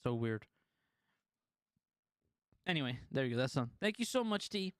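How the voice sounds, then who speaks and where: A man's voice: medium pitch, big pitch swings, normal speed, no room sound, clean studio sound. A man streaming live, casually chatting to his viewers and telling a story, swearing freely and laughing often.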